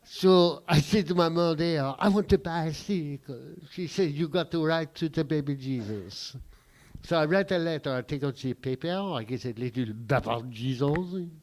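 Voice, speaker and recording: A man's voice: a little high, moderate pace, close to an everyday voice. Man doing an indignant French storyteller. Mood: aggrieved. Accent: put-on French. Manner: indignant, deadpan storytelling with profane punchlines. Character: aggrieved French man recalling boyhood. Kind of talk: standup character bit.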